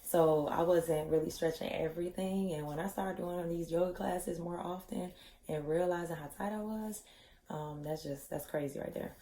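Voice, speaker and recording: Woman vlogger, casual and candid, low mellow voice, echoey room. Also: steady tone, normal speed, a little hiss or hum. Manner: chatty, candid, many "you know" fillers. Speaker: vlogger, yoga instructor trainee. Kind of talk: casual personal vlog.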